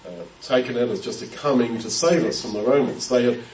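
A man's voice: medium pitch, fairly quick, a little mellow, a little hiss or hum. A man giving a conversational Bible-teaching sermon, thinking aloud with frequent fillers and restarts. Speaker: preacher. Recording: roomy sound from a distance.

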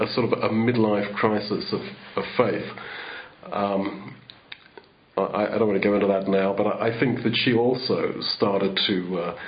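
A man's voice: fairly low pitch, dull audio, slight background noise. A man giving a sermon in a rambling, conversational way, full of restarts. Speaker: preacher.

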